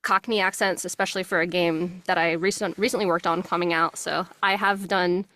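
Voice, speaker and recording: A woman's voice: lowish voice, steady tone, a little fast, bright, forceful tone, no echo. Friendly woman with a faint Jersey lilt. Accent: subtle New Jersey. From New Jersey. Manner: friendly, laughs often. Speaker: voice actress guest. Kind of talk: casual interview chat. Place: home closet studio.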